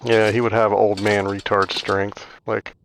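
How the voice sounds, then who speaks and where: A man with a low, gravelly voice chats casually as he plays a game, rambling from one thought to the next and leaning on fillers. A faint hiss sits behind his talk. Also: flat delivery, unhurried. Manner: rambling, chatty, many "like" fillers. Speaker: gaming channel host. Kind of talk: casual storytelling over gameplay.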